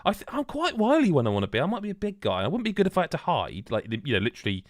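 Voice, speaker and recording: A man's voice: sits high, huge pitch swings, very fast, no echo, studio quality. A man hosting a casual gaming podcast, rambling and joking with lots of restarts. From Wales. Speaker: podcast host. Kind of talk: casual chat.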